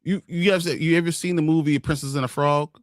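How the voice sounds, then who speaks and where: Halting man talking over film opinions. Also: fairly high pitch, fairly even intonation, no echo, studio quality. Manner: halting, repeats words as he thinks. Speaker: podcast co-host. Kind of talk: casual pop-culture chat.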